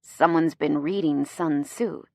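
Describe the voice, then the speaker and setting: A woman voicing a brooding young man who speaks low and tersely in an audiobook. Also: slow pace, creaky, mellow, dry recording, studio quality, exaggerated voice. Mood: wry. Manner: low, muttered.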